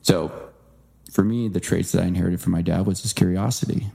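Male interview guest, low mellow voice with some fry, earnest storyteller. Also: brisk. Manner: earnest, animated impressions when quoting. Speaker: guest author.

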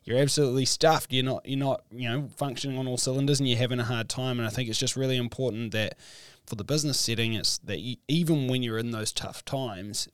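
Man, co-host, agreeable, casual chat, mid-pitched, dry. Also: fairly even intonation, fast, hardly any pauses, smooth, no room sound. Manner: agreeable, chatty. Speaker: podcast co-host.

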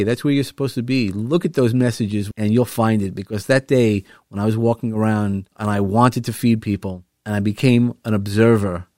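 A man's voice: fairly low pitch, warm tone, no echo, clean studio sound. A middle-aged man telling a personal story in an earnest, heartfelt way, rambling a little with restarts. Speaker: vlogger sharing a personal story.

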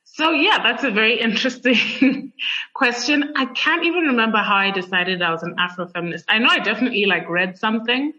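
Young woman from zimbabwe, podcast guest, chatty and animated, bright voice, lo-fi dull audio. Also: fairly high pitch, brisk. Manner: chatty, many fillers, animated. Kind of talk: conversational interview. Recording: dull lo-fi sound.

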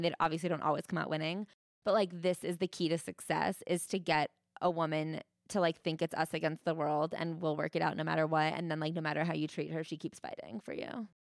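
A woman with a slightly low voice gives blunt, critical commentary on a podcast and reads memoir passages aloud between her remarks. She swears casually. The recording is close and dry. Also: no echo. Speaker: podcast co-host.

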